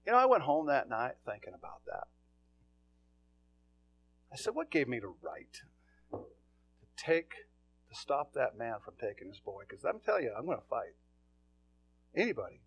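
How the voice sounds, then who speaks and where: A man preaching a sermon, telling stories in a folksy, plain-spoken way and swinging from quiet asides to loud calls. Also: mid-range voice, very animated, moderate pace, pauses often. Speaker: pastor.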